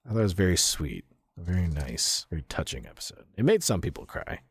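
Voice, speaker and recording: A man's voice: deep voice, sing-song, fairly quick, husky. A man streaming and chatting casually, rambling through a story with lots of "like" fillers and casual swearing, close to the mic. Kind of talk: casual chat retelling a story.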